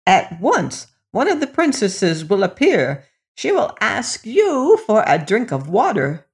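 A storybook reader voicing a helpful, mysterious old woman of the forest in a raised, strained voice, giving slow, deliberate instructions. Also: medium pitch, huge pitch swings, pitched above the performer's own voice, heavily acted. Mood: instructing. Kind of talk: storybook reading.

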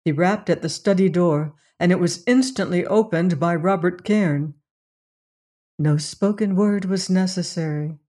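Slow, measured audiobook narrator. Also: mid-range voice, mellow. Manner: measured, atmospheric storytelling. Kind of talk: scripted narration of a mystery novel.

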